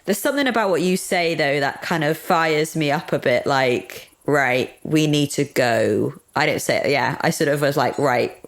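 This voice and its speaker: A woman playing a tabletop game, gently describing her character's gestures and words. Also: low-pitched, fairly quick, few pauses. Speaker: player.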